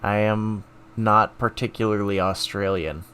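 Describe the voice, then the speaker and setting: A man's voice: fairly low pitch, fairly even intonation, a little slow, sharp tone, clear, resonant tone. A man streaming live, thinking aloud in a self-mocking casual way while taking quizzes.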